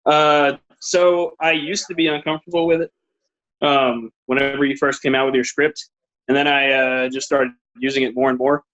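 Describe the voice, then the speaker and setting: A man's voice: medium pitch, level tone, moderate pace, fairly bright tone. Hesitant man on a lo-fi video call. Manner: hesitant, many fillers. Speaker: course member. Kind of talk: casual chat on video call.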